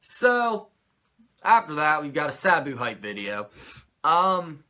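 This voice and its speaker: Dude ranting about old wrestling, cussing a lot, kinda high voice, super animated. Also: male voice, takes it slowly. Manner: rambling, crude, jokey. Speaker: podcast host reviewing wrestling. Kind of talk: casual profane recap.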